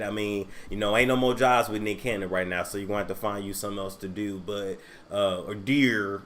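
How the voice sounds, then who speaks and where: A man's voice: medium pitch, a bit bright. A man hosting a casual gossip show, who talks straight to the camera and the live chat and teases people in blunt, crude words. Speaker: host.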